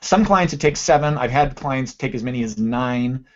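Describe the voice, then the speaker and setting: A man's voice: mid-range voice, expressive, moderate pace. Male coach teaching a live online class; chatty, checks in often, slightly muffled video call sound. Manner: conversational teaching, frequent "right?" and "okay". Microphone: computer mic on a video call.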